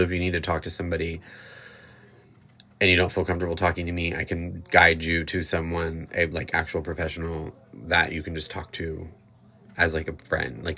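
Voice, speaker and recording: A man hosting a livestream who reacts to a video and speaks gently and directly to his viewers. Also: low-pitched, vocal fry. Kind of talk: casual livestream commentary.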